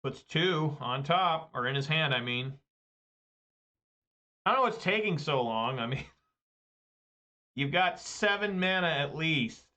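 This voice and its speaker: A man's voice: a little high, lively intonation, takes it slowly, pauses often, bright, forceful tone. A man casually commentating his own card game, rambling and swearing as he plays. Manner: rambling, profane, chatty asides.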